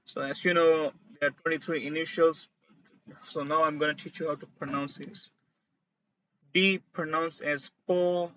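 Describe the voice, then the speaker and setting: Slow, bright-voiced male Mandarin teacher. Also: a little high. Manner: slow, deliberate, repeating sounds for the learner. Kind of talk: language lesson. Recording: dull, lo-fi audio.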